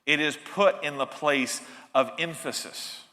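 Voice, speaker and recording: A man's voice: fairly high pitch, a little slow, pushed and bright, big-room sound. A man preaching a sermon as pastor, earnest and emphatic, often restarting his phrases. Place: church sanctuary.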